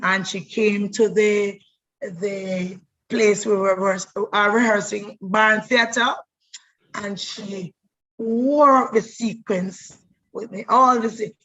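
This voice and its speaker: A middle-aged actress, telling her life story in an animated way, often repeating words as she goes. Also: on the high side, slightly rough, rough recording. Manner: animated, repeats words, breaks into voices and laughter. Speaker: stage actress. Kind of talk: personal storytelling monologue.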